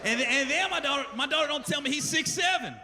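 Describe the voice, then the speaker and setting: A man in his forties doing a profane stand-up comedy set, telling animated stories in put-on voices. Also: extremely high pitch, fast talker, noisy background. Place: large theater stage before a laughing audience. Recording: live concert recording with loud crowd and long reverb.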